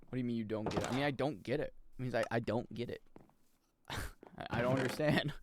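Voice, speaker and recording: A young man giving casual, jokey commentary as he plays a video game, swearing and breaking into loud high-pitched yells. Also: quick pace. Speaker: streamer.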